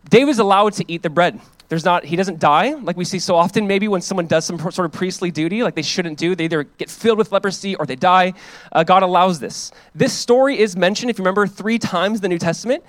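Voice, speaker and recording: A young male pastor teaching a sermon in an easy, chatty way, often checking in with his listeners. His voice sits high for a man. The sound is close and dry, with no room echo. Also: fast talker. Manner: casual, conversational teaching with checks on the audience. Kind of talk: expository sermon.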